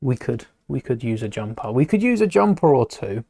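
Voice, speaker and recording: A man chats loosely through a live stream while building, trailing off into mutters and then answering viewers. His voice sits at an everyday middle pitch. The sound is dry and close, with no room echo. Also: big pitch swings, brisk, creaky, dark tone. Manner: rambling, chatty, mutters to himself and greets chat.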